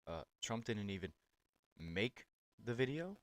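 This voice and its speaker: A man's voice: fairly low pitch, very animated, a little slow. A man hosting political reaction commentary on clips, talking in a blunt, sarcastic and profane way.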